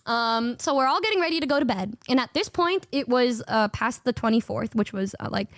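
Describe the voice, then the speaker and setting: A young woman tells stories in a casual, slangy rush, swearing and laughing as she goes. Her voice sits high and bright. The sound is dry and close to the mic. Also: brisk, dry recording. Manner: excitable, swearing, slangy, laughs often, acts out quotes. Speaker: streamer telling trip stories. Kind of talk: casual storytelling.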